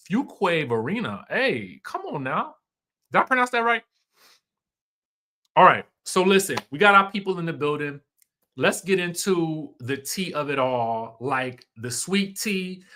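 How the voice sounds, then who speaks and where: A man hosting a casual live stream, greeting viewers and giving emphatic commentary. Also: on the high side. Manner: animated, emphatic, repeats phrases for effect. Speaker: host.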